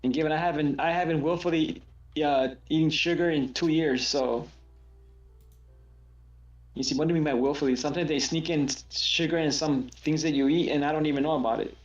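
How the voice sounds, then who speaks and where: A man's voice: a little high, fairly even intonation, a little fast, echoey room, muffled recording. A man chatting casually as co-host, laid-back, often repeating himself. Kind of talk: casual chat.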